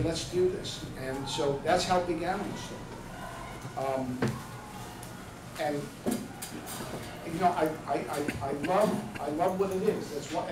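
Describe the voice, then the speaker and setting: A middle-aged man telling a personal story to an audience at an event, rambling with fillers and restarts. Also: a little high. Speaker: charity founder giving a speech. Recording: echoey room from far off, with noise.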